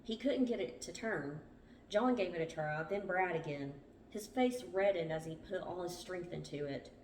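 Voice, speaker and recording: A woman's voice: fairly low pitch, normal speed, darkish tone, a little hiss or hum. A woman hosting a book club, reading a survival memoir aloud with small stumbles. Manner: plain storytelling read with small stumbles. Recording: roomy, distant from the mic.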